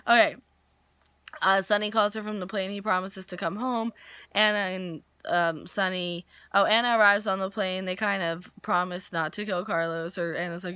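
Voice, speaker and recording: Young woman in her twenties, bright and tense tone, dry close sound, losing her voice, chatty recap vlog. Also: medium pitch, moderate pace, no echo. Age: 20s. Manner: animated, jokey, acts out characters' lines. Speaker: soap opera recap vlogger.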